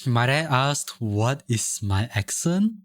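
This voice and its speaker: A man's voice: mid-range voice, animated, takes it slowly, dry recording. Rambling young man streaming, dry close mic. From Singapore. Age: young adult. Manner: rambling, repeats phrases, chuckles often. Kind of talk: casual live-stream chat, reading chat aloud.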